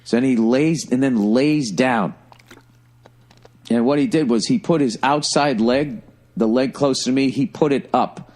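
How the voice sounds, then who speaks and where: A middle-aged man telling a funny story in a casual, profane, animated way, like a stand-up comedian on a podcast. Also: medium pitch, measured pace.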